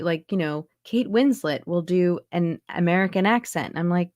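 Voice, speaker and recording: Low-voiced woman on a video call, chatty, lots of ums, dry sound. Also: moderate pace, few pauses, no room sound. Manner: chatty, lots of fillers and restarts. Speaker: accent and dialect coach, guest. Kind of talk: casual interview chat. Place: home in Montreal, on a video call.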